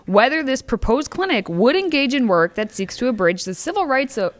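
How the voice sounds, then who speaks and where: A woman's voice: sits high, sing-song, a little fast. A woman hosting a casual political talk show, summarizing news items with lots of laughter and banter. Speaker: host.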